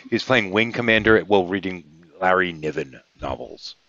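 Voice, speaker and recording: Very deep-voiced man, wry chat. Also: normal speed, sharp tone, no room sound, lo-fi sound. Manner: dry, wry, swears casually. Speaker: tabletop world creator. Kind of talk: casual chat. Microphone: video call.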